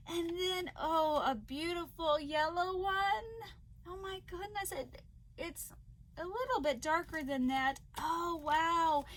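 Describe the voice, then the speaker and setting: Very high-voiced, gushing woman vlogger. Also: slow pace. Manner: gushing and excitable, gasping often. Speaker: crochet vlogger. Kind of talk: casual unboxing chat to viewers.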